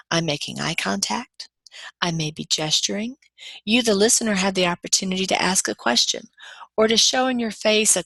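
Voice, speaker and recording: A woman's voice: medium pitch, a bit bright, dry recording. A woman lecturer patiently walking through grammar examples step by step in a recorded lesson. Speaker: college lecturer.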